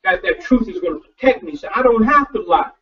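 Animated and brisk, a male pastor with a high-sitting voice delivers a loose, conversational sermon. He keeps repeating words and starting sentences over in a folksy, personal tone. It's recorded with a distant, dull lo-fi sound.

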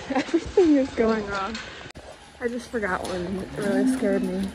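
A young woman who vlogs from her farm talks casually to her camera as she herds cows, out of breath and flustered, coaxing the loose animals and muttering to herself. Her voice sits in the mid range and keeps a measured pace. The noisy recording was made outdoors among the cows.

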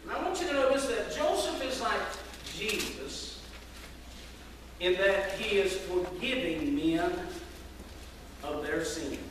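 A man's voice: sits high, lively intonation, slow pace, pauses often, background noise. A man, preaching a sermon with folksy storytelling. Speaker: pastor. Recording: echoey hall from far off.

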